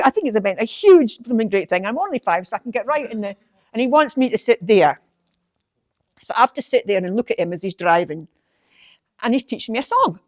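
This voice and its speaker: Recorded without echo, an older woman with a fairly high voice and a lilting North-East Scottish Doric accent, from Ballater, Aberdeenshire, performs a dialect poem before chatting about her family. She laughs often and frequently restarts her sentences.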